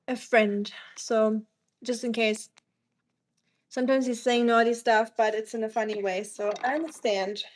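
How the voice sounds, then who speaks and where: A woman's voice: a little high, slow, rough recording. Chatty streamer woman. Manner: chatty, answering viewers' messages. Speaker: live streamer. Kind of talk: casual live-stream chat.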